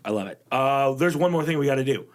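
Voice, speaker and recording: A young man hosting a comedy podcast with a lively voice that swoops up and down. He tells stories animatedly and jokes with mock outrage. His pitch sits in the middle. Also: fast. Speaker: podcast host.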